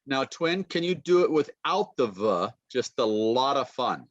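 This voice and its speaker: A man teaching a pronunciation lesson, modeling phrases slowly and repeating sounds. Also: medium pitch, very animated, no room sound, dull audio. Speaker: university lecturer.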